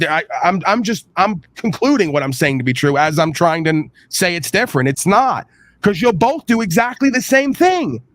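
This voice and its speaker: A man on a livestream lectures with scorn, his fairly high voice stacking insult after insult. The sound is dry and close to the mic, with no room around it. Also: no echo. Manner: lecturing, scornful, piles up long lists of insults; mocking quoted voices in a high sing-song. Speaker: streamer host. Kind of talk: heated argument on a livestream.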